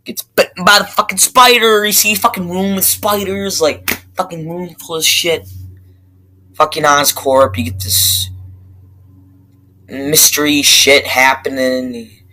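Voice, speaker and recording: A young man giving a casual movie review, rambling and excitable, swearing constantly and restarting his sentences. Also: fairly high pitch, measured pace, slight background noise, rough recording. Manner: profane, excitable, rambling with many fillers and restarts.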